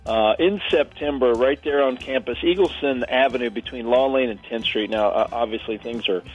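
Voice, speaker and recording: A man from as a regular radio guest, friendly and quick to laugh. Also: medium pitch, slightly rough, highs cut off. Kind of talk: casual radio chat.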